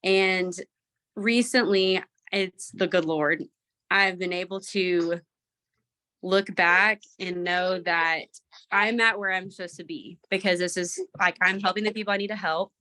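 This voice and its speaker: Bright, candid woman telling her story. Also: on the low side, steady tone, unhurried. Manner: candid, self-reflective, rambling. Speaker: team member sharing her story. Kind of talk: candid personal testimony.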